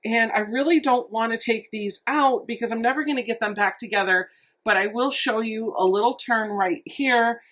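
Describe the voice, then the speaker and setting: A woman who vlogs about quilting gives a chatty, enthusiastic unboxing walkthrough, thinking aloud as she goes. Her voice is fairly high and a bit bright, at a moderate pace, in a casual narration.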